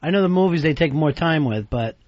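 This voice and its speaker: Male radio host, easygoing interviewer. Slightly higher voice, dull broadcast sound. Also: expressive, fairly quick, darkish tone, no room sound. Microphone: studio microphone. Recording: slightly dull dry radio studio audio.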